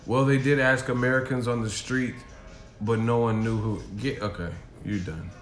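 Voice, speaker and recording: A man's voice: medium pitch, steady tone, normal speed, soft background music. A man ranting on a stream in a profane, mocking way from a hotel room. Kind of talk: casual rant. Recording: echoey room.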